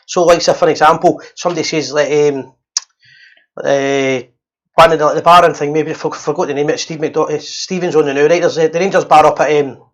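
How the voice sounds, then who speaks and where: A man's voice: fairly high pitch, steady tone, fairly quick, dull audio. A Scottish man hosting a casual live fan show, rambling and restarting as he makes friendly appeals to viewers.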